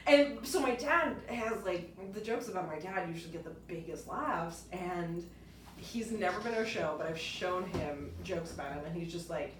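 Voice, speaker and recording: A woman's voice: fairly low pitch, normal speed, far from the mic. A young woman, a stand-up comedian, chatting casually as a podcast guest, laughing often and using lots of fillers. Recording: roomy echo, voice off-mic, faint noise.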